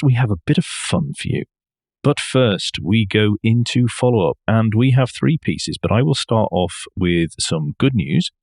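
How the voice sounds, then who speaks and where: A man's voice: medium pitch, a little mellow, no room sound. A man co-hosting a podcast, chatting about car news with dry, wry remarks. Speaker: podcast co-host.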